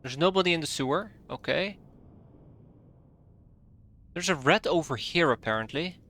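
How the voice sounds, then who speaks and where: A man's voice: a little high, expressive, normal speed, a bit bright. A young man streaming a strategy game live, giving sarcastic, exasperated running commentary and muttering through his calculations.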